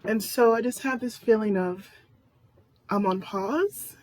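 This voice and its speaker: A woman's voice: medium pitch, unhurried, darkish tone, no echo. A woman talking casually to camera in a personal vlog, rambling and candid. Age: adult. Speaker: vlogger.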